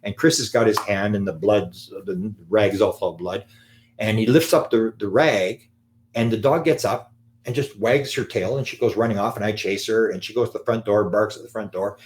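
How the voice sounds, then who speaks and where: A man telling an anecdote in a live talk, animated and acting out the quotes. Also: fairly low pitch. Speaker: lecturer on UFOs.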